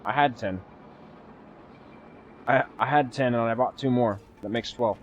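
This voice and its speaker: A man streaming live gameplay, chatty and excitable, thanking viewers and swearing casually as he plays. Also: mid-range voice, a little slow, muffled recording, a little hiss or hum.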